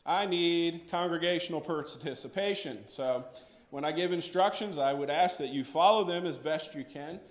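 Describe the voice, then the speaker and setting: A man's voice: a little high, moderate pace. A man, a pastor, giving a playful and coaxing children's message during a church service. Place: church sanctuary. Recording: echoey church room.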